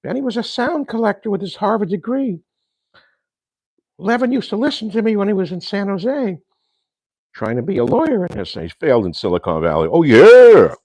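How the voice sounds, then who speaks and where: A man's voice: sits high, very animated, normal speed, darkish tone, no echo. An older man hosting a casual livestream monologue from his home kitchen, rambling and ranting with insults and Yiddish slang. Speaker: host.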